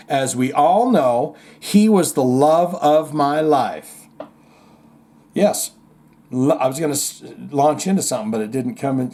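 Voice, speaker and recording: A man hosting a casual comedy podcast, reading listener comments and jokes aloud with playful asides. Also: medium pitch. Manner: animated, jokey, puts on voices when reading comments.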